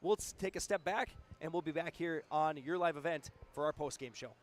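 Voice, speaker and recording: A man's voice: on the high side, a little fast. A man who is a local sports broadcaster, asking rambling post-game interview questions with restarts.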